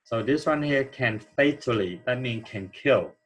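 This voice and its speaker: Slow, husky-voiced male English teacher. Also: mid-range voice, expressive, a bit bright, low-quality recording. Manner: slow, explanatory, checks in with "okay?". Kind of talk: grammar lesson walkthrough.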